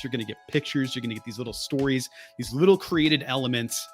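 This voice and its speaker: A man's voice: medium pitch, fairly bright tone. A man in his thirties co-hosting a podcast, telling rambling stories and correcting himself as he goes. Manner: rambling storyteller, self-correcting. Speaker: podcast co-host. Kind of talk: casual chat.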